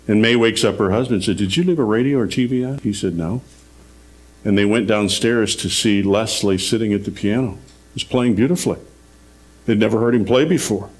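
A man's voice: on the low side, a little fast. A man preaching a radio sermon, telling a story earnestly and rising in emphasis on his key points.

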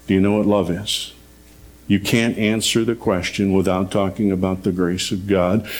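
A man preaching a radio sermon, telling a story earnestly and rising in emphasis on his key points. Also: lowish voice.

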